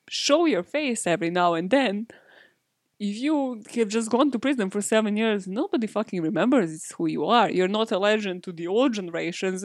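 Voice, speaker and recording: A woman's voice: medium pitch, no echo, clean studio sound. A woman hosting a podcast, telling a true-crime story in a casual, profane, chatty way with sarcastic asides. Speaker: podcast host.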